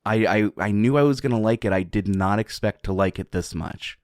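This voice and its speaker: A man's voice: lowish voice, brisk, a little mellow, no echo, clean studio sound. A man from southwestern Pennsylvania co-hosting a casual podcast, enthusiastic, laughing often and rambling into asides. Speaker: podcast co-host.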